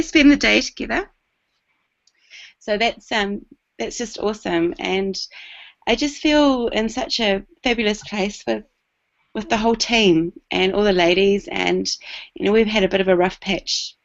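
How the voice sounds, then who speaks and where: New Zealand woman on a gravelly video call. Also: medium pitch. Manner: warm, slightly hesitant with fillers. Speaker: new team member. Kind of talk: casual video call chat. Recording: dull lo-fi video call audio.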